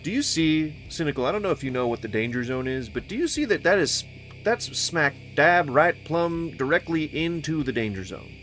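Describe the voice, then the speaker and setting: A man's voice: fairly high pitch, big pitch swings, moderate pace, soft background music. Goofy rambling man playing a game. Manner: goofy, rambling, sing-song wordplay, sudden mock yelling. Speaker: gaming streamer. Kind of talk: casual let's-play commentary.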